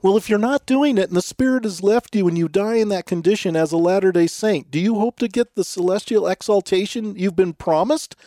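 A man's voice: high voice, a little fast, few pauses, warm tone, dry recording, studio quality. A man co-hosting a scripted discussion, skeptical and emphatic as he reads out quotes and questions them. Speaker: co-host.

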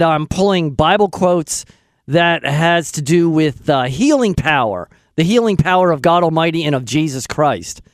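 Emphatic opinionated talk radio host. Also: male voice, on the high side, dry recording, clean studio sound.

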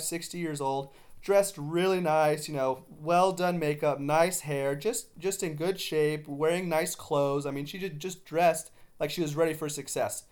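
A man's voice: on the high side, a little mellow. A man hosting his own podcast, telling a story with enthusiasm and quoting others in his own voice. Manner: frequent restarts and fillers, enthusiastic. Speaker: podcast host. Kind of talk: casual storytelling monologue.

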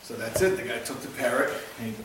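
A man, possibly a rabbi, opens an informal Torah class on Jewish practice with a joke and keeps a conversational teaching manner. His mid-range voice moves quickly with fairly even intonation, and there's background noise. The echoey hall, distant mic and faint ambience come through.

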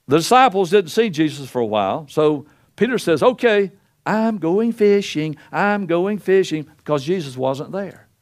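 An older man preaching a sermon in a folksy, storytelling way, acting out the quotes he tells with wide swings in pitch and loudness.

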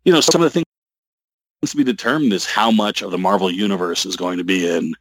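A man talking as an interview guest about his comic work, halting and rambling with many restarts. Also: low-pitched, no echo. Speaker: comic book writer guest. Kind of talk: casual interview talk.

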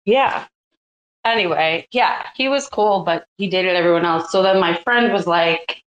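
A woman's voice: lowish voice, normal speed, muffled recording. Chatty Boston-woman host, laughing. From Massachusetts. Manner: laughing, storytelling, lots of "like". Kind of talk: casual chat.

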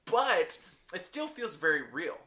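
A man's voice: high-pitched, sing-song, unhurried, sharp tone. A man chatting casually about TV shows, agreeable, swearing and laughing easily. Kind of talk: casual chat reviewing a TV show.

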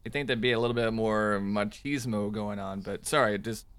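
A middle-aged man co-hosting a podcast, wry and self-deprecating, talking haltingly with many fillers. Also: fairly low pitch, fairly even intonation, fairly bright tone, clear, resonant tone, no echo. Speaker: podcast co-host. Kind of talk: casual chat. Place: Chicago.

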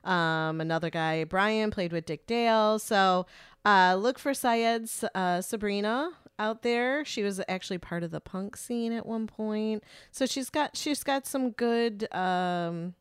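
A woman's voice: mid-range voice, a little slow, smooth, no echo. Chatty woman co-hosting a radio show. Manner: chatty, rambling, laughs often. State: stuffy nose. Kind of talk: casual chat.

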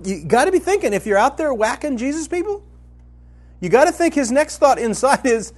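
A man teaching from the Bible in a conversational, colloquial style, telling the story vividly and swinging from loud to hushed. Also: very high voice, big pitch swings, a little fast. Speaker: preacher.

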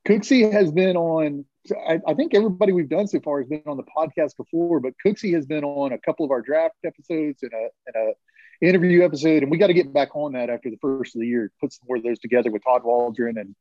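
A man's voice: on the high side, quick pace, dark tone, no room sound, dull audio. A man hosting a casual live call-in podcast over a video call, teasing his callers. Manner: joking, teasing banter with callers. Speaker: podcast host.

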